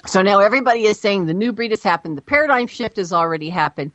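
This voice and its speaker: A woman's voice: medium pitch, fast talker, fairly bright tone, no room sound. A female guest on a radio interview, a Christian journalist explaining her views in an earnest, explanatory way. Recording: dry, dull lo-fi audio.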